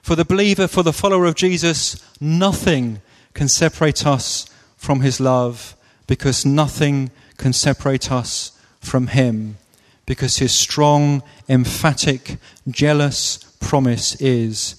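A man preaching a sermon with slow, deliberate, emphatic phrasing. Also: medium pitch, steady tone. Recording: long reverb of a large hall.

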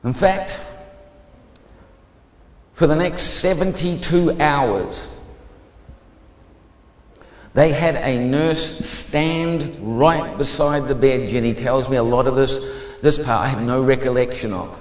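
A man giving a fervent testimony sermon as a preacher, moving between hushed and emphatic speech. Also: medium pitch, slow, long pauses, roomy sound, long reverb tail.

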